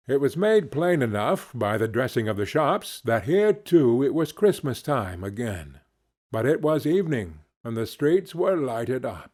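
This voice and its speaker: A male audiobook narrator with a medium-pitched voice reading at an unhurried pace. His delivery is lively and wide-ranging in pitch, deliberate and expressive. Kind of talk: scripted narration.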